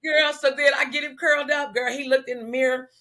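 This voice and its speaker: Animated storytelling woman, bright voice. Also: high voice, brisk. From South Central Los Angeles, US. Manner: animated, acts out dialogue, slangy. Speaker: celebrity hairstylist, guest. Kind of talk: casual storytelling in an interview.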